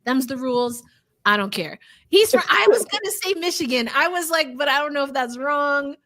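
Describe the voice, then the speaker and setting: A woman co-hosting a casual sports podcast, talking in an animated, emphatic and playful way. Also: high voice, moderate pace. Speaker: podcast co-host.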